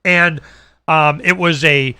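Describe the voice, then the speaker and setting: A middle-aged man hosting a talk show, telling a long story in casual chat, animated and dropping low for asides. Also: slow, smooth, dry recording. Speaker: radio show host.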